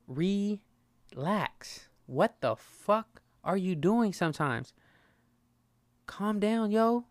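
A man in his thirties from Southern California, hosting his own podcast in a casual monologue, talking fast, stumbling and stuttering, and swearing freely. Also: sits high, expressive, clear, resonant tone, dry recording. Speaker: podcast host.

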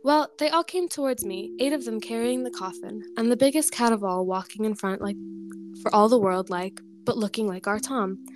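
A fairly high-voiced young woman reads an old folk tale with playful, animated voices for each character. Music plays clearly underneath her. Between the reading she chats loosely and laughs easily. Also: brisk. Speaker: podcast co-host. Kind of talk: reading a folk tale aloud, then casual chat.

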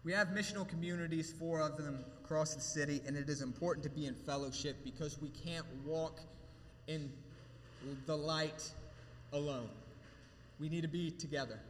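A man's voice: fairly high pitch, fairly even intonation, moderate pace, a little hiss or hum. A man preaching an emotional sermon as pastor, speaking to a congregation in a church hall. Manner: emotional, preaching with rising intensity then a quiet prayer. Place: church hall with long reverb. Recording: reverberant hall, faint room ambience.

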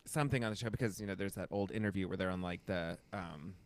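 A man's voice: low voice, fast talker. Chatty rambling male podcast co-host. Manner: chatty, rambling with many fillers. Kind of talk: casual chat.

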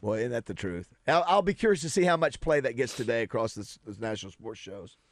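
A man hosting a sports radio show, excited and chatty, repeating his catchphrase. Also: mid-range voice, quick pace, no echo, studio quality. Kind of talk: casual radio chat.

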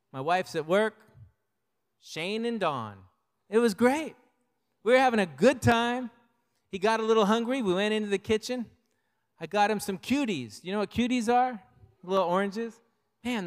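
High-voiced older male preacher. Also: smooth, big-room sound. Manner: conversational preaching with personal stories. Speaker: pastor. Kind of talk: sermon.

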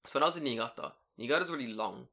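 A young man telling a story in casual podcast chat, animated, swearing and laughing. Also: mid-range voice, rapid-fire, vocal fry.

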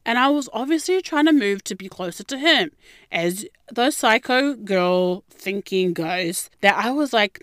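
A woman with an Australian accent, telling a personal story in a blunt, heavily profane and animated way. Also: medium pitch, measured pace, clean tone, dry recording, studio quality. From Melbourne, Australia.

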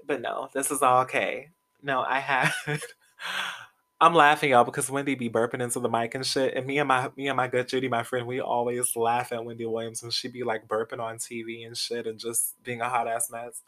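Young male podcast host, crisp bright voice, mid-range pitch, loose gossipy commentary with plenty of swearing. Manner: chatty, gossipy, swears freely, laughs often. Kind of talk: casual pop-culture commentary.

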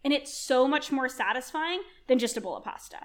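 A woman's voice: high-pitched, expressive, fairly quick. A woman chef talking enthusiastically in a podcast interview, rambling on and asking herself questions as she goes. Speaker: chef and culinary nutrition guest.

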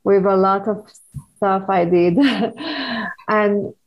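A middle-aged woman whose first language is Hebrew, speaking as a guest author in an interview, earnest and halting with frequent restarts. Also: medium pitch, lo-fi sound. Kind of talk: conversational interview.

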